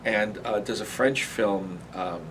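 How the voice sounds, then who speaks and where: Amid background noise, an interviewed man with a voice on the low side speaks slowly about his animation experiences. He is lively and casual, often laughing and briefly imitating cartoon voices.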